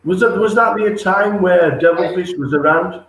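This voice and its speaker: A male interviewer asks eager questions and keeps the chat moving with quick, enthusiastic reactions. His voice is high for a man. There is a clear echo from the room, with faint background noise. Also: fairly bright tone. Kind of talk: casual interview.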